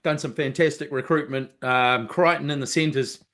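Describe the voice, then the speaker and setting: A middle-aged man, co-hosting a casual sports podcast, talking excitably and swearing freely. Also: medium pitch, moderate pace, crowd noise. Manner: excitable, loud, swears freely, mimics people. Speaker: podcast co-host.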